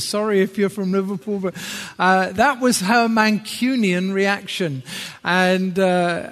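A man's voice: high-pitched, unhurried, a bit bright. Man, northern English accent, sermon, self-deprecating, lingering hall reverb. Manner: chatty and self-deprecating, with asides. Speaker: visiting preacher. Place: church hall.

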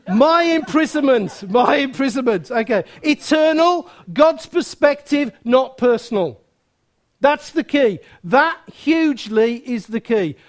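High-voiced preacher. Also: male voice. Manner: chatty, self-mocking, asks the room questions. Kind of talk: sermon.

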